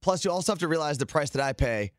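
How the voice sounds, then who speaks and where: A man's voice: fairly high pitch, animated, fast talker, no echo. Easygoing man from New Jersey, dry sound. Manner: easygoing, explains at length with many fillers. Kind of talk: casual chat.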